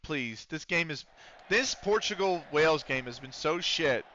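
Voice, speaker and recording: Bright-voiced man streaming and chatting. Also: a little high, lively intonation, a little slow, dull audio. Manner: swears freely, chats with viewers between play-by-play calls. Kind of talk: casual livestream chat with game commentary.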